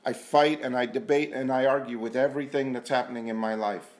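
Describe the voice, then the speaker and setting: A man giving an earnest, self-mocking personal testimony at a recovery meeting, repeating himself and sometimes dropping to a hushed voice. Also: medium pitch, steady tone, a little fast. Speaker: speaker sharing at a recovery meeting. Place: meeting room.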